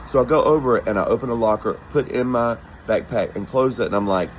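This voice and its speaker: This man's mid-range voice is brisk with few pauses as he casually and animatedly recounts a travel story, mimicking the voices of the people involved. Slight background noise accompanies a low-quality recording.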